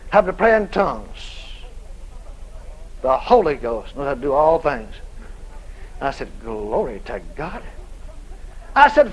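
A man preaching a sermon in a folksy, dramatic storytelling style, shouting out the lines he quotes. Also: high-pitched, poor audio. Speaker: evangelist preacher.

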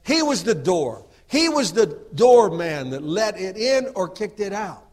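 Very animated yet unhurried, a middle-aged preacher lets his sermon sink to low asides, then rise into loud exhortation. He keeps asking the audience to affirm what he says.

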